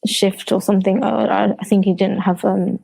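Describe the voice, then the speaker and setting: A woman in her thirties speaks with a London accent, her voice mellow and low in brightness. She talks in a flat, even way, stumbling and restarting as she recounts her story to an interviewer. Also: moderate pace, vocal fry, husky, rough recording. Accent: London English. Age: 30s. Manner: hesitant, many restarts and fillers; recounts quotes in a flat retelling voice. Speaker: guest. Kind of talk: personal testimony in an interview.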